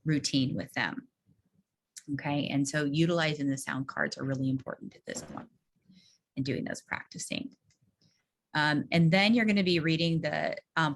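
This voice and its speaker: A woman speaks in a low register as she leads a virtual training session for teachers. She sets out each step of a reading routine and acts out the prompts she uses with students. Her voice comes through a video call microphone. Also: slight background noise. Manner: explains step by step, models classroom prompts. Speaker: teacher trainer leading a workshop. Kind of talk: online teacher training presentation.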